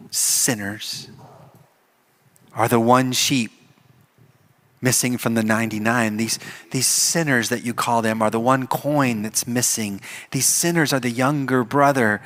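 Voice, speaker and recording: In church, a pastor with a medium-pitched voice preaches a sermon, telling the story in an animated way and acting out the characters.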